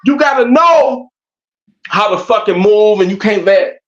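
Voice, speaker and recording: A man with a notably high voice, speaking as a podcast guest in blunt, emphatic, profanity-laced bursts. His audio comes through dull and lo-fi. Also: expressive, measured pace, slight background noise. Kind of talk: casual podcast conversation.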